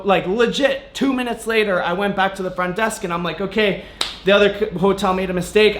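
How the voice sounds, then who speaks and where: Animated young man vlogging, echoey room. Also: high-pitched, fast talker, a little hiss or hum. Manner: animated, swears freely, retells conversations. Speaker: fitness vlogger. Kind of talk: casual vlog storytelling. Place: hotel room, then gym.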